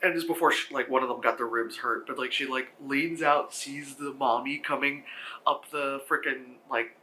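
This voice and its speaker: A man giving a casual, animated film review, often swearing and acting out characters' reactions in shrieking voices. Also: normal speed, slight background noise. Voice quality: bright, animated and expressive, swears freely. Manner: acts out characters in squealing high voices. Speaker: movie reviewer.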